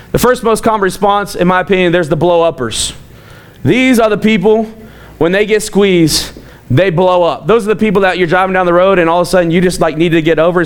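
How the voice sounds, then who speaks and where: High-voiced storytelling preacher. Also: male voice. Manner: animated storytelling, acts out quoted voices, chuckles often. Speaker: pastor. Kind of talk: sermon.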